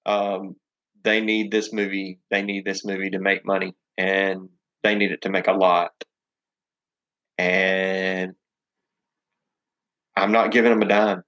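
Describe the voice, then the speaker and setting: Southern man, casual live chat host, rambling and cussing, low pitch, muffled audio. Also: level tone, slow pace, long pauses, a bit bright. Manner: rambling, profane, many ums and restarts.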